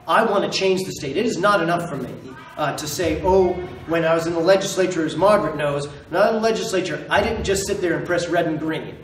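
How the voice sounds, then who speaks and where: A man's voice: on the high side, a bit bright, echoey room, distant mic, poor audio. A man running for governor, giving an impassioned campaign speech to a committee and repeating lines for emphasis. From Maine. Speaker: political candidate.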